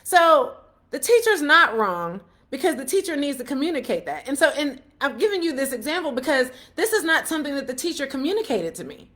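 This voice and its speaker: A middle-aged woman with a fairly high voice talks straight to her viewers about working with teachers. She tells stories with energy, acting out what people said. She keeps checking that her listener is following along. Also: fairly quick. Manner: animated storytelling, laughs often, acts out quotes; repeats questions to the listener. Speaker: parent vlogger giving advice. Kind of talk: casual advice talk with retold anecdotes.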